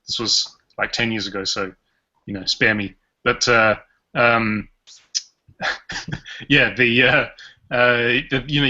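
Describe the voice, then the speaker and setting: A man's voice: medium pitch, bright, forceful tone, husky. A man with an Australian accent hosting a podcast in casual, rambling, jokey chat. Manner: rambling, jokey, chuckles often. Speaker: podcast host. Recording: dull lo-fi podcast audio.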